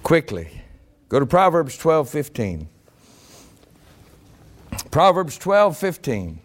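A man preaching a sermon to a congregation, rising to shouted emphasis. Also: fairly high pitch, sing-song, slow. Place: church congregation.

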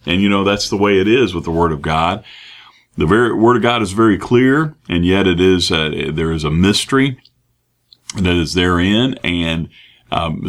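A man preaching a sermon, reading scripture and explaining it with many pauses, fillers and restarts. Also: deep voice, a bit bright. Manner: halting, many fillers and restarts, acts out quoted voices.

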